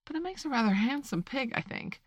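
A woman's voice: sits high, animated, fairly quick, no echo, studio quality, pitched above the performer's own voice. A prim, earnest young girl, read by a woman. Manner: prim and proper, a touch brighter than the narration.

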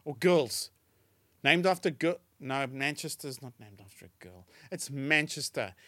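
A man's voice: fairly high pitch, a little slow, no room sound. A man co-hosting a comedy trivia podcast, telling jokes with lots of giggling in casual chat. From South Africa. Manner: giggly, animated joke-telling. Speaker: podcast co-host.

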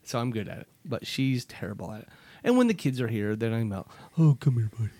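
A man's voice: mid-range voice, very animated, fast talker, a little mellow, dry recording. An older man with grandkids, co-hosting a podcast in casual chat and acting out family phone calls in voices. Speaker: podcast co-host.

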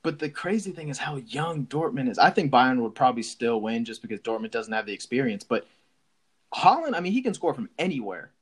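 Casual sports podcast co-host: young man, mid-pitched, excitable, laughs easily. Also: fairly quick, slightly rough. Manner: excitable, laughs often, many restarts.

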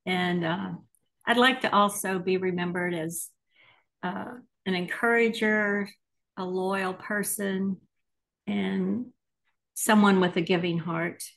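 A woman guest in a casual interview, speaking in an unhurried way with gentle laughter. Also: medium pitch, fairly even intonation, creaky, low-quality recording. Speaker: podcast guest.

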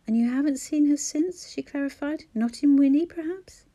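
A woman's voice: high-pitched, moderate pace, warm tone, pitched above the performer's own voice. A woman voicing a polite, wry young mother.

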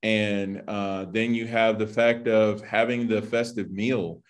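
A man's voice: fairly low pitch, steady tone, slow pace. A man teaching an informal sermon in a loose, conversational way, full of "like" and "you know". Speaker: Bible teacher.

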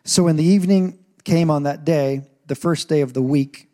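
A man who is a pastor, preaching a sermon in an animated way with asides and rising intensity. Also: fairly high pitch, moderate pace. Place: church stage.

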